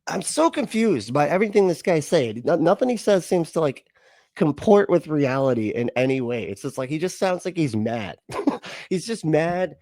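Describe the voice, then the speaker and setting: A man's voice: a little high, big pitch swings, normal speed, darkish tone, no echo. A man hosting a reaction video, mocking a clip with sarcasm, laughter and exaggerated mimicry.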